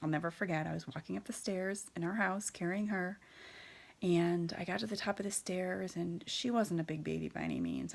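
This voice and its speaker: Candid woman in her thirties, low creaky voice. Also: animated, a little fast. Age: 30s. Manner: candid, hesitant, many fillers and restarts. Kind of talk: personal storytelling.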